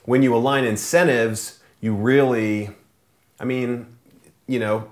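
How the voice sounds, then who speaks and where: A man's voice: medium pitch, fairly even intonation, slow pace, roomy sound. A man interviewing a guest in casual chat, agreeable and reflective.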